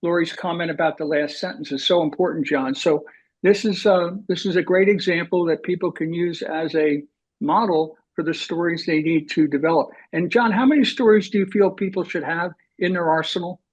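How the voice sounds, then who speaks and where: A man's voice: fairly high pitch, moderate pace, poor audio. A man hosting a webinar discussion, speaking hesitantly with many fillers. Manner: hesitant, with fillers, thanking and apologizing. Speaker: webinar host.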